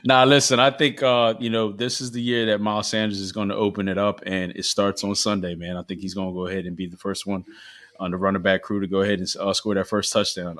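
A laid-back man gives his football take in a casual sports chat. His voice sits a little low. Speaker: podcast panelist.

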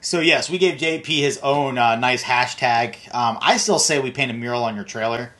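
A man's voice: medium pitch, sharp tone. A middle-aged man hosting a casual chat, teasing his guest and joking freely. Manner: teasing, quick to joke with the guest. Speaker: host.

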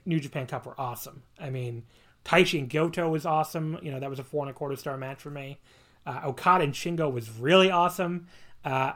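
Rambling casual man, animated and swearing. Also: fairly high pitch. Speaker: podcast co-host. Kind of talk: casual wrestling review chat.

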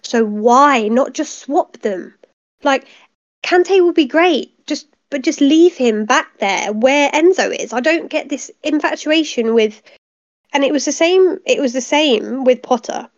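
A woman's voice: high-pitched, animated, a little slow, lo-fi sound. A woman co-hosting a casual football chat, talking in an exasperated, rambling way and swearing freely. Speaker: podcast co-host.

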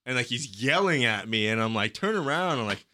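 Bright-voiced man telling a profane story. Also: on the low side, brisk, slight background noise. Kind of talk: casual storytelling chat.

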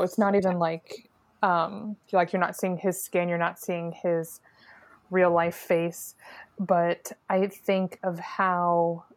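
A woman co-hosting a podcast in casual chat, thinking aloud and searching for her words. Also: on the low side. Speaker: podcast co-host.

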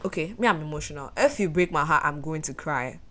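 Lively woman, low voice. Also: a little fast, crowd noise. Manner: animated, laughing, emphatic. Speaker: podcast co-host. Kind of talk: casual chat.

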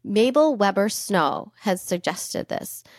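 A woman co-hosting a podcast, telling a story in casual, animated chat and swearing freely. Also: medium pitch, slow, dry recording, studio quality. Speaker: podcast co-host.

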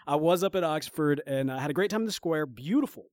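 Southern man, slightly high, dry sound. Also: fast talker, no room sound. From Mississippi. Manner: relaxed, laughs often, loose rambling asides. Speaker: podcast co-host. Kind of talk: casual chat.

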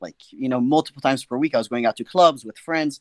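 A young man, appearing as a guest storyteller, shares a funny personal story in a casual, animated and self-mocking way, often checking in with his listener. He talks very fast at a medium pitch, with no echo.

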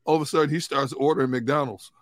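A man co-hosting a sports talk show, telling a relaxed anecdote about players. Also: medium pitch, fast talker, dry recording, studio quality. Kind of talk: casual storytelling chat.

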